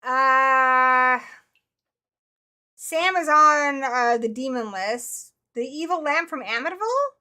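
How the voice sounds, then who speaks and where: A woman's voice: high-pitched, lively intonation, takes it slowly, bright, forceful tone. A woman hosting a casual livestream, chatting with a co-host and reacting to viewers' comments by name.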